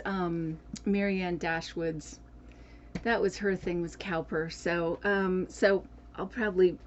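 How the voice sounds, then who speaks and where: A woman's voice: fairly low pitch, highs cut off. A woman vlogger chatting casually about books and journals, rambling with lots of fillers and restarts. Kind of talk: casual chat.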